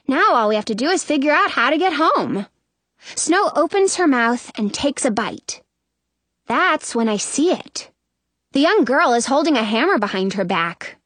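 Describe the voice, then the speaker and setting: Lively woman reading a children's story. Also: high voice, moderate pace, dry recording. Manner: chatty, expressive storyteller voice. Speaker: audiobook narrator. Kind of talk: first-person children's story narration.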